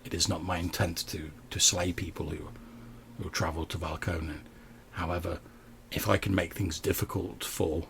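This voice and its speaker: A man voicing a wary, calculating woman bandit leader in a tabletop game, speaking in a measured, deliberate way. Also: low-pitched, creaky, fairly bright tone, a little hiss or hum, pitched below the performer's own voice, exaggerated voice.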